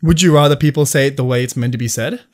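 A man's voice: medium pitch, fast talker, darkish tone. A young man co-hosting a casual podcast chat, laughing often and slipping into joking accents. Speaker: podcast co-host.

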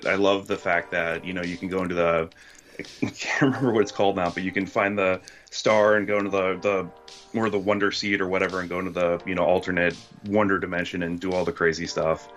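A man with a very deep voice talks as a guest on a podcast, hesitant and full of ums and you-knows. He sounds relaxed and chatty, and faint music plays underneath. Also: normal speed. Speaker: guest critic. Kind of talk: casual podcast chat.

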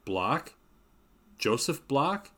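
A man's voice: on the low side, big pitch swings, normal speed, fairly bright tone. A wry young American professor, grumbling and a bit sarcastic, as a man reads him. The voice stays close to the reader's own, in a storybook reading.

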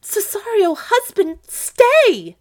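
A woman's voice: extremely high pitch, huge pitch swings, slow, voice pushed up, heavily acted. Woman voicing a desperate lovesick young noblewoman. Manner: pleading, cries out.

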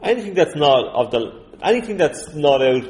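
A man co-hosting a casual film podcast, blunt and quick to laugh. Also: a little high, sing-song, darkish tone, echoey room, low-quality recording.

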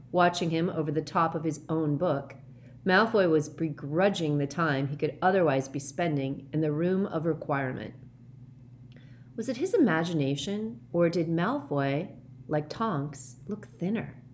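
Woman audiobook narrator, low-pitched, steady and measured, faint noise behind. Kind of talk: scripted narration.

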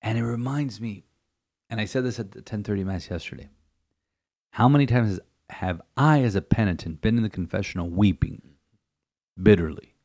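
A man's voice: on the low side, moderate pace, pauses often, a little mellow. A man who is a priest, reflecting on scripture in an emphatic, repetitive way, often restarting his sentences. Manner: emphatic, repeats phrases, stumbles and restarts. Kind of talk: podcast homily-style reflection.

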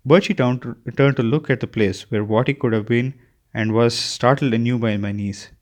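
A man reading a novel aloud as an audiobook narrator, with a steady delivery and occasional slips. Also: mid-range voice, normal speed. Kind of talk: scripted narration.

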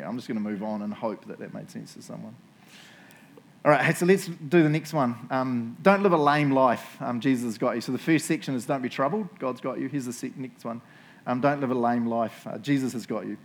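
Casual jokey New Zealand preacher. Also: male voice, mid-range voice, a little hiss or hum. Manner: casual, jokey and conversational, often asking the crowd "right?" and "eh?". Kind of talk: sermon.

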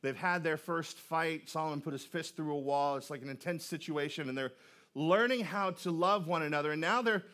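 A pastor preaching a sermon in a relaxed, joking, conversational way, often repeating words as he starts a sentence. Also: on the high side, a little fast. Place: church auditorium.

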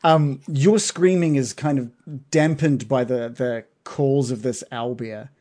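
A man's voice: medium pitch, steady tone, unhurried, dark tone. A man narrating as game master of a tabletop game, hesitant, with many fillers and restarts.

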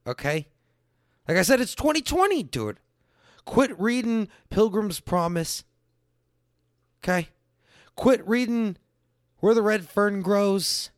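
A man around thirty doing a profane stand-up style rant, swinging between loud bursts and low mutters. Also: dry recording, studio quality. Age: late 20s to early 30s. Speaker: comedian.

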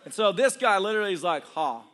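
A man's voice: high voice, normal speed, bright, forceful tone, a little hiss or hum. A man preaching a storytelling sermon as a pastor, humorous and self-deprecating, laughing often as he talks straight to his congregation. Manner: conversational, addresses congregation directly.

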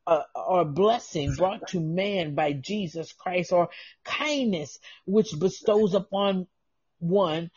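Tearful husky-voiced woman pastor preaching. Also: fairly low pitch, slow, darkish tone, dry recording. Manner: fervent, cries out praise, breaks into tongues. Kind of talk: emotional sermon. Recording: dull lo-fi dry recording.

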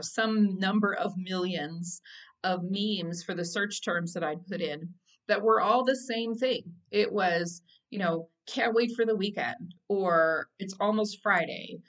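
A woman's voice: lowish voice, a bit bright. A woman hosting her own podcast, talking casually with lots of fillers and restarts and laughing at herself. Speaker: podcast host. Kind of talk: casual solo podcast monologue.

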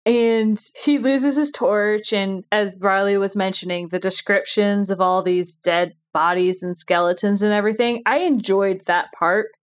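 A woman co-hosting a casual podcast discussion, playful and quick to giggle. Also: mid-range voice, fairly even intonation. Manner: playful, giggly, gushes over cute things. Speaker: podcast co-host. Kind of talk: casual chat.

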